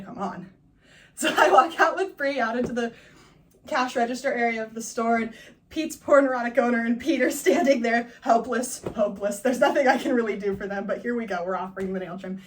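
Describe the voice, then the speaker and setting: A young woman from Northern California tells a comic story from her own life with lively energy. She laughs often and slips into the voices of the people in it. Her voice sits fairly high, and the mic is set a little away from her. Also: fairly quick, far from the mic, slight background noise. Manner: animated, laughing often, acting out quotes. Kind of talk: personal storytelling, class assignment.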